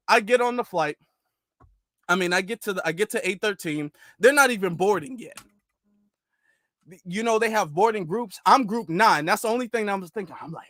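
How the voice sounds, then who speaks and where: A young man vlogging, telling a story casually to camera in an animated, laughing way with loose slang. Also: high voice, brisk, no room sound, clean studio sound.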